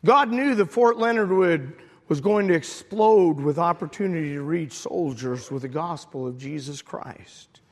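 A middle-aged man, a pastor, preaching a sermon and telling a personal story with emotion, at times rising to shouted prayer. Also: a little high, a little slow. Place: church sanctuary. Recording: long hall reverb.

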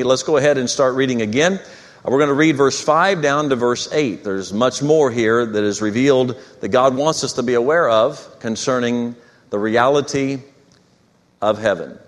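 A male pastor delivers an evening sermon in a church, voice at an ordinary middle pitch. He preaches emphatically and slows down to stress key words. The sanctuary gives his voice a long, lingering reverb.

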